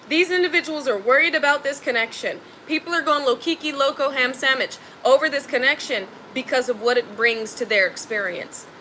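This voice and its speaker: Woman tarot reader, bright high voice, blunt and slangy, faint noise behind. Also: rough recording. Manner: emphatic, blunt and slangy, swears freely. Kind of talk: spiritual tarot reading.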